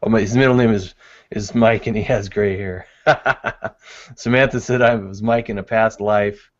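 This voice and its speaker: A man's voice: lowish voice, steady tone, normal speed, highs cut off. A man co-hosting a live webinar in casual chat, laughing often and reading the chat aloud. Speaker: webinar co-host.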